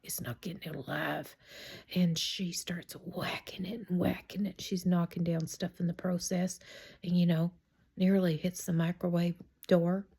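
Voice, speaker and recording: A middle-aged woman telling a true story in a chatty, rambling way, often dropping into a hushed whisper. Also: fairly low pitch, fairly even intonation, measured pace, creaky, husky. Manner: chatty and digressive. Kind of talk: casual spoken storytime.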